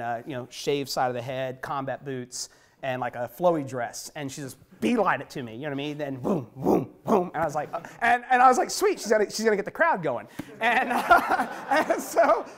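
Animated male street preacher telling stories. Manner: animated, wide swings from low and quiet to high and loud; conversational, many fillers and restarts. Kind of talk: storytelling in an interview.

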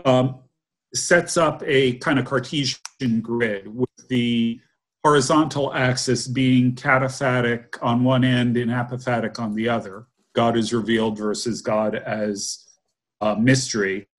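A man's voice: medium pitch, steady tone, unhurried. Man explaining methodically. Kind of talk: casual discussion.

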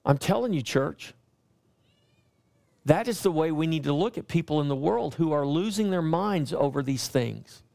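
A man preaching a sermon as pastor, pressing his points with repeated lines and slowing down when he quotes scripture. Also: a little high, lively intonation, creaky, mellow.

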